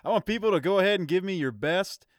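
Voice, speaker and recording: A man hosting a casual podcast, upbeat and quick to laugh as he runs the segments into a studio mic. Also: high voice, expressive, dry recording. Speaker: podcast host. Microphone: studio mic with pop filter.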